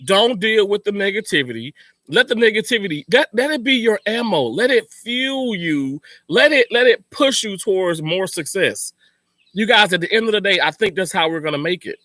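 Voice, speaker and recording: A man with a high, bright voice talks straight to his viewers, hammering the same points again and again to fire them up. The sound is dry and close. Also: dry recording. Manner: emphatic, repetitive, motivational. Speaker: channel host. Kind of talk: casual livestream talk to viewers.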